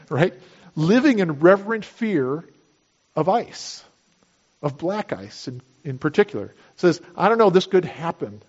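A man's voice: fairly high pitch, a little mellow, lo-fi sound. A man preaching a sermon in a conversational manner, explaining with everyday illustrations. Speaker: pastor.

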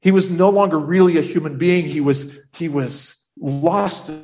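Man storyteller, in character, fairly high voice, animated, restarts often. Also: unhurried. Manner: animated, breathless telling with many restarts. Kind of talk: first-person Bible story told in character.

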